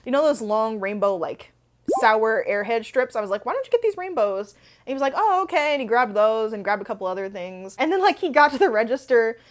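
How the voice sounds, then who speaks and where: A woman's voice: on the high side, animated, brisk. A young adult woman hosting a book channel, telling stories in a chatty, rambling way full of fillers. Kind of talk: casual Q&A storytelling.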